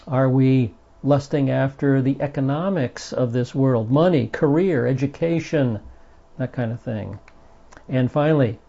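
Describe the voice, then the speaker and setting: In a dull, lo-fi recording, a Bible teacher leads a Bible study with a mellow, unhurried, mid-range voice. He teaches earnestly and emphatically, leaning hard on the passages he reads aloud.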